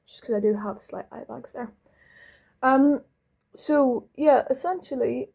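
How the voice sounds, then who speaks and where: A young woman with a Belfast lilt chats casually through a makeup routine. Her voice sits a little high but sounds mellow and soft. She rambles, cuts herself off and drops the odd swear. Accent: Northern Irish, Belfast. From London. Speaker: vlogger. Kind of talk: casual chat while doing makeup.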